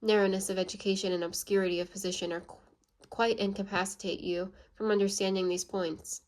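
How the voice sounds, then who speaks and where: Storybook: a scornful, blunt man voiced plainly by a woman reader, even, level tone. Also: mid-range voice, a little fast, lightly acted. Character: scornful blunt Englishman, sneering and argumentative.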